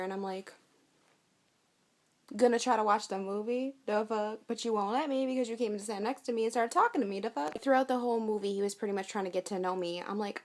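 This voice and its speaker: A young woman telling a storytime vlog in a blunt, profane, casual way, acting out what she and others said. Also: medium pitch. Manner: blunt, profane, with acted-out quotes. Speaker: vlogger.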